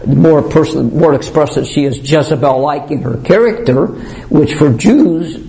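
Mellow-voiced man teaching scripture. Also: fairly high pitch, poor audio. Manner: emphatic, slows down to stress key words; frequent throat-clearing. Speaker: pastor. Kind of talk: verse-by-verse Bible teaching.

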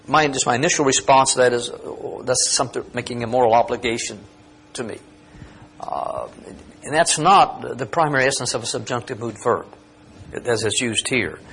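Man, Bible teacher, explanatory then emphatic, mid-pitched voice, faint hiss behind. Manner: explanatory, rising to emphatic peaks.

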